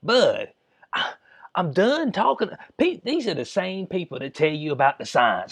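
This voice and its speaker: Exasperated ranting man, lively pitch. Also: a little slow, no echo. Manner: animated, exasperated, slangy. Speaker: channel host. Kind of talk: ranting commentary vlog.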